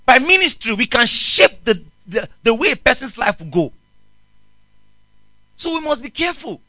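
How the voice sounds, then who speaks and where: A man, a pastor preaching a sermon in an animated way and often asking the congregation questions. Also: extremely high pitch, normal speed, dry recording, rough recording.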